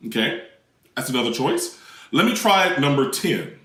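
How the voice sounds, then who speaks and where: Man, puppetry lesson presenter, animated, demonstrative, lively pitch, roomy echo. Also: moderate pace. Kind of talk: children's lesson on voice warm-ups. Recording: roomy, mic at a distance.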